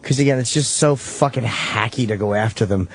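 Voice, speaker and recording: A man hosts a radio show on a studio microphone, his medium-pitched voice brisk and the recording dry. He talks casually and profanely, rambling and frequently correcting himself mid-sentence.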